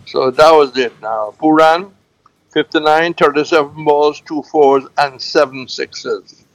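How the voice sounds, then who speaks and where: Gravelly, slow-talking man. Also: a little high, no echo, rough recording. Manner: halting, repeats scores slowly with many fillers. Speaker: cricket news presenter. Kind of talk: radio sports news segment.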